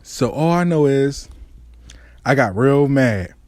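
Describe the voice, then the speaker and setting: Male host, slangy storyteller, lively up-and-down delivery, dry close sound. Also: takes it slowly, no room sound. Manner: animated, swings between high and low registers; swears freely, slangy. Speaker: show host telling a personal story. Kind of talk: profane storytelling monologue.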